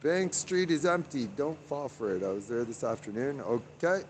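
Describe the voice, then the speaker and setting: A man's voice: medium pitch, expressive, moderate pace, a little hiss or hum. A man chatting on a live stream from the street outdoors, reading viewer comments aloud and rambling with many fillers. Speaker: livestreamer.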